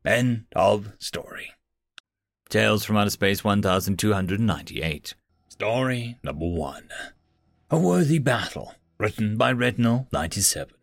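Gravelly, expressive male storyteller. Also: fairly low pitch, dry recording, clean studio sound. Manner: expressive, varied reading. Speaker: story narrator. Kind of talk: scripted story narration.

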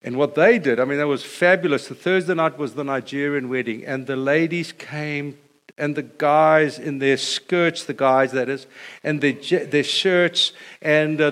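Middle-aged male pastor, sermon delivery, animated storyteller who builds to a refrain, voice a touch high.

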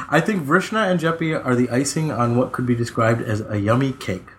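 A man co-hosts a podcast in a giggly, self-deprecating way, with a middling pitch. Faint noise sits behind his voice. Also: normal speed, a bit bright. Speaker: podcast co-host. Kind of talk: casual podcast chat.

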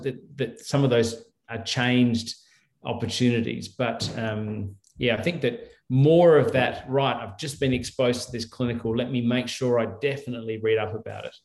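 A man's voice: medium pitch, fairly even intonation, measured pace. Man telling a story in an echoey room. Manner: rambling, with many restarts and fillers. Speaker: guest doctor. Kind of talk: casual interview storytelling.

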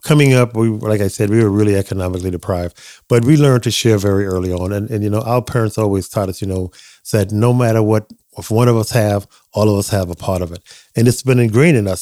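A man's voice: lowish voice, fast talker, dark tone, dry recording, studio quality. An older man telling family stories as a podcast guest, reflective and acting out remembered dialogue. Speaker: guest, dentist father of the host. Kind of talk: casual storytelling in a podcast interview.

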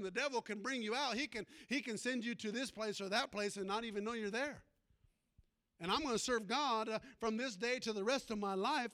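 A man's voice: high voice, sharp tone. A man who is a pastor, preaching a sermon in a folksy storytelling way and calling out to the congregation.

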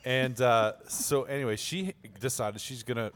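A middle-aged man from Canada hosting a podcast, telling a high school story in a casual chat and laughing his way through it. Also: steady tone, normal speed, a bit bright, a little hiss or hum. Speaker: podcast host.

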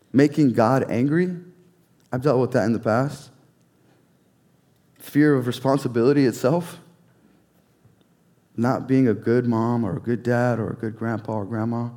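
A man preaching a sermon in an earnest, measured way, repeating key phrases and sometimes dropping to a near whisper. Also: mid-range voice, warm tone. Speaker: pastor.

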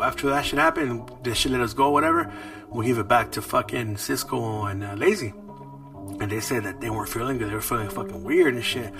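Male podcast host, rambling profane storyteller, off-mic, music bed loud underneath. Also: medium pitch, recorded from a distance. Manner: profane, rambling street slang. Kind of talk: casual storytelling.

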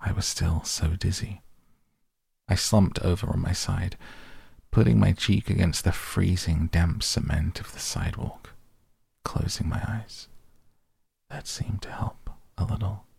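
A man reading an audiobook in a measured, steady way. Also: sits low, vocal fry, slightly rough, no echo, studio quality. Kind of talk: audiobook narration.

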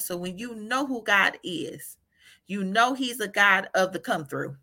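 A woman giving an informal devotional talk, animated, often laughing and asking "right?" as she encourages listeners. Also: medium pitch, unhurried. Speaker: faith encourager.

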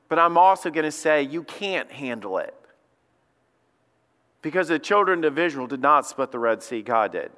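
Speaking conversationally and acting out quotes, a lead pastor preaches a sermon in a church sanctuary. His voice is high-pitched and a bit bright. A long church-hall reverb trails after his words.

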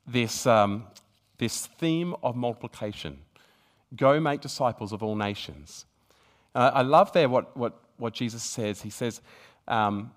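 A man preaching a sermon, speaking earnestly with frequent restarts, reading passages of scripture aloud and building to emphatic peaks. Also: mid-range voice. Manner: reads scripture aloud within the talk.

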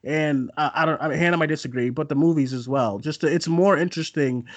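Higher-voiced man, joking and casual. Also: a little fast. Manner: joking, expressive. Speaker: podcast co-host. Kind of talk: casual chat.

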